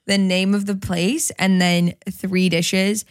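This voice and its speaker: A woman's voice: mid-range voice, flat delivery, takes it slowly, clean tone, no room sound, studio quality. A young woman co-hosting a podcast, chatting casually in a playful, teasing way. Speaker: podcast co-host. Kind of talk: casual chat.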